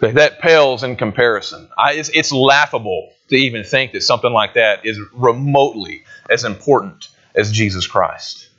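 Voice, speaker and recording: A man's voice: medium pitch, moderate pace, hardly any pauses, bright, forceful tone, lo-fi sound. A man preaching a sermon in a conversational way, often asking his listeners questions. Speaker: pastor.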